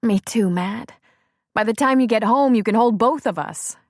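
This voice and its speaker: A woman narrator voicing an excited, affectionate young pregnant wife. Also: on the high side, normal speed, dry recording, clean studio sound, voice pushed up. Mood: excited, loving. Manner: eager, breathless, affectionate.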